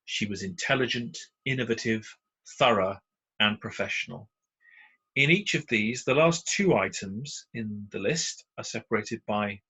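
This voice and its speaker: A man with a British accent teaching punctuation in a recorded slide lesson, explaining patiently with frequent pauses and fillers. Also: on the low side, sharp tone, slightly rough, low-quality recording. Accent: British English.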